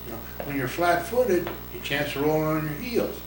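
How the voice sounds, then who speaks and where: An older man, a retired pitcher and coach, telling rambling stories in a casual interview, chuckling and acting out the voices of others. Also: lively intonation, fairly quick. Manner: rambling anecdotes, acts out voices, chuckles often. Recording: roomy, distant mic, noisy ambience.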